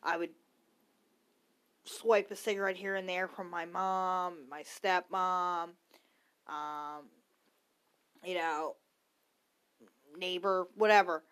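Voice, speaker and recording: On her own podcast, a woman in her thirties speaks slowly with long pauses, her smooth, slightly bright voice on the low side and fairly even in intonation. Her casual opinion rant is blunt, full of swearing and tangents.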